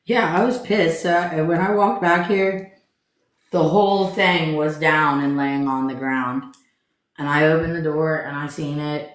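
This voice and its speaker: A man's voice: fairly high pitch, steady tone, unhurried, fairly bright tone. A man co-hosting a casual chat show, rambling and repeating himself as if worn out. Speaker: podcast co-host. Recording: very echoey room with faint noise.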